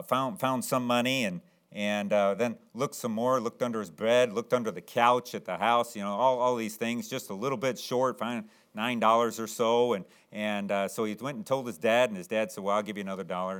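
A man preaching a sermon, telling an illustration story in an earnest, conversational way and rising sharply in pitch at excited moments. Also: clear, resonant tone.

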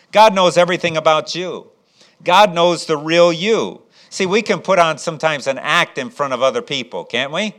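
A man's voice: a little high, fairly bright tone. A man preaching a sermon as pastor, with frequent restarts, rhetorical questions and rising emphasis.

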